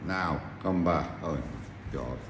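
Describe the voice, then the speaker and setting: A man telling a casual anecdote about his sailing trip, halting and full of restarts. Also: sits low, a little mellow. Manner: rambling, halting storyteller with many restarts. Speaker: yacht captain telling a story. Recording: echoey room with faint noise.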